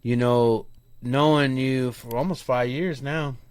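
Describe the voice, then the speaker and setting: A man with a mid-range voice tells a story casually, slangy and animated, slipping into other people's voices as he quotes them. The sound is dry and close. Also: medium pitch, slow pace, clear, resonant tone, no room sound. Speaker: podcast co-host.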